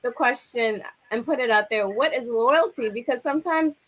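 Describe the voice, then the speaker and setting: A firm, decisive woman speaking in a casual panel discussion. Her voice sits somewhat higher than most women's. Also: normal speed, fairly bright tone, poor audio.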